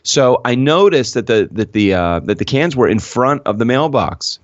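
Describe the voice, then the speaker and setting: A man's voice: medium pitch, very animated, normal speed, no room sound, highs cut off. A man co-hosting a podcast in casual chat, telling a rambling story and laughing often. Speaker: podcast co-host.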